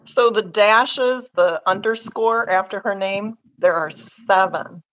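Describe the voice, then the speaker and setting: A woman's voice: medium pitch, takes it slowly, a bit bright, low-quality recording. A middle-aged woman from Missouri, a giggly, chatty guest on a casual livestream.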